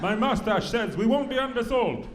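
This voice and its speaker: A man voicing a cocky old father from the audience, in blustering stand-up crowd work in an echoey club with a loud crowd. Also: high-pitched, moderate pace, very noisy, voice pushed up, natural voice. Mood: smug. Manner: brash, blustering comebacks. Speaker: comedian.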